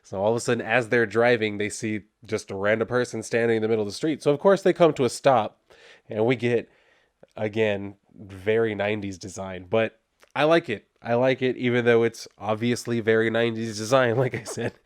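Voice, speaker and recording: A man's voice: lowish voice, fairly even intonation, brisk, clean tone, dry recording, clean studio sound. A man reviewing a comic book in a casual vlog, rambling and laughing often, with lots of fillers.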